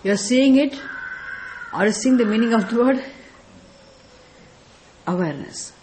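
A woman's voice: on the high side, lively intonation, a little slow, darkish tone, a little hiss or hum. A woman from South India with a South Indian accent, giving a scriptural lecture as a spiritual teacher and quizzing her listeners with rhetorical questions about Sanskrit terms. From Tamil Nadu, India.

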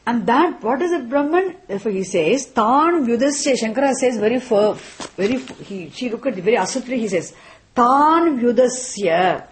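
A woman teaching a class on scripture, speaking deliberately and often checking in with "isn't it?". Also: a little high, expressive, darkish tone. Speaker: Vedanta teacher.

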